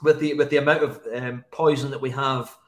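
A man's voice: medium pitch, fairly even intonation, brisk. Blunt, matter-of-fact male podcast guest. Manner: blunt, matter-of-fact talk with some swearing. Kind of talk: casual podcast conversation.

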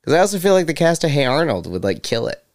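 A man's voice: a little high, very animated, fast talker, a little mellow. A man co-hosting a podcast in casual chat, rambling, laughing often and swearing freely. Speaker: podcast co-host.

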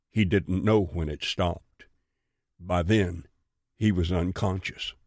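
A man narrating a western audiobook in a slow, measured, grave way. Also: sits low, steady tone, a little mellow, no room sound, clean studio sound.

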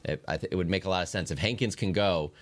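A man's voice: low voice, quick pace. A man co-hosting a sports radio show, talking casually through his analysis.

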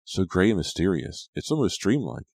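A man's voice: low-pitched, very animated, normal speed, vocal fry, a little mellow, husky, no room sound, voice pushed up, heavily acted. Man voicing Della, an anxious teenage girl. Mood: wistful. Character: anxious teenage girl hiker, wistful and tense.

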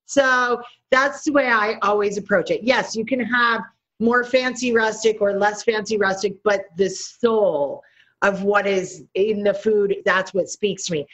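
A middle-aged woman chef in an interview, talking in an animated, storytelling way and laughing often. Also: medium pitch, measured pace. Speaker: chef guest. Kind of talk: interview conversation. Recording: slightly dull lo-fi audio.

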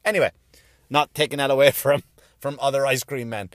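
A man ranting profanely from inside his parked car, often rising to angry shouting. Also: mid-range voice, steady tone, fairly quick, no echo, clean studio sound. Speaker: podcast host. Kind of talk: profane comedic rant.

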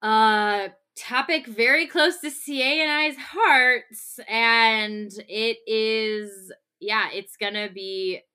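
A woman co-hosting a podcast, talking earnestly and gently, often restarting her sentences. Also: on the high side, slow, clear, resonant tone. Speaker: podcast co-host. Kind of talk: casual podcast talk.

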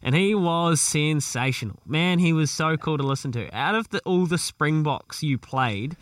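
A man's voice: on the high side, animated, normal speed, no room sound, clean studio sound, distant mic. A man hosting a podcast, asking long, rambling, friendly questions. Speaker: podcast host. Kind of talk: casual interview questions.

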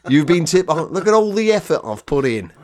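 A man's voice: a little high, big pitch swings, normal speed, pitched above the performer's own voice. A man voicing a smug, pompous older English retiree on holiday, sounding pleased with himself. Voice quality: pompous, self-satisfied.

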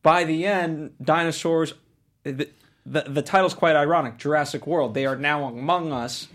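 A man's voice: fairly high pitch, normal speed, a bit bright. A man co-hosting a casual film discussion, laying out his argument step by step. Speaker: podcast co-host.

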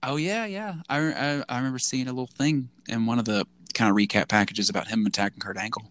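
A man's voice: mid-range voice, fast, fairly bright tone. Rambling man on a podcast. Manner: rambling, full of "like" and restarts, acts out quotes in a goofy voice. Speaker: podcast co-host. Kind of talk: casual chat.

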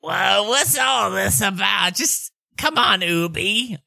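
A bewildered, apologetic father, as a man puts him on for a tabletop game, speaking slowly in a plain voice. The recording is close and dry. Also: sits high, lively intonation, creaky, bright, forceful tone, dry recording, pitched above the performer's own voice, full character voice. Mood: dazed. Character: dazed, apologetic father just released.

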